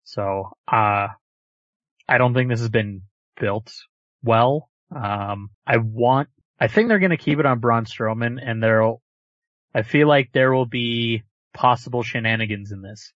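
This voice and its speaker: A man speaks in a measured, hedging way as part of a casual chat panel. The recording is dry and dull, with a lo-fi sound. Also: medium pitch, fairly bright tone, dry recording. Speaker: podcast panelist. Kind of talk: casual wrestling prediction chat. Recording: dull lo-fi audio.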